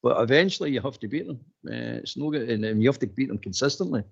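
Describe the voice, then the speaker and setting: Animated man, lo-fi audio. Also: mid-range voice, fast talker, creaky, breathy edge. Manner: animated, repeats himself, laughs mid-sentence. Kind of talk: casual football chat. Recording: dull lo-fi stream audio.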